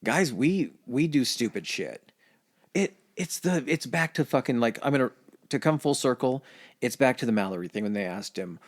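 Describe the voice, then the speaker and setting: A man's voice: medium pitch, expressive, moderate pace. A man co-hosting a podcast in casual chat, loose and profane, with lots of filler words. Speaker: podcast co-host.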